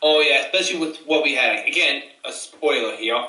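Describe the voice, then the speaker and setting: A man co-hosting a casual movie chat, animated and joking around. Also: medium pitch, fairly quick. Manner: animated, jokey. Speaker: co-host. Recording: roomy echo, mic far off.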